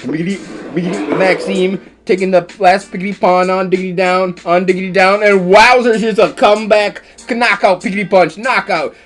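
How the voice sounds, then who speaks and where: A man commentating a chess game as comedy, stuffing his lines with rhyming nonsense words and silly squeaky exclamations. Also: fairly even intonation, moderate pace, few pauses, fairly bright tone, faint music behind.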